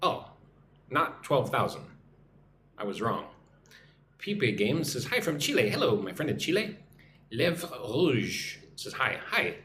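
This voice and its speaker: A man's voice: mid-range voice, sing-song, slow pace, long pauses, fairly bright tone, echoey room, a little hiss or hum. Chatty man teaching English live. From United States. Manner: chatty, reads out comments, greets viewers in their languages. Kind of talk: live stream chat with viewers.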